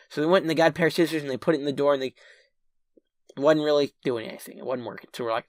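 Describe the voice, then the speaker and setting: Bright-voiced man telling a rambling story. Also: a little high, fast talker, dry recording, clean studio sound. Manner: animated, acts out his own panicked past self; rambling with restarts and "right?" asides. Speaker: channel's featured storyteller. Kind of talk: casual spoken storytelling to camera.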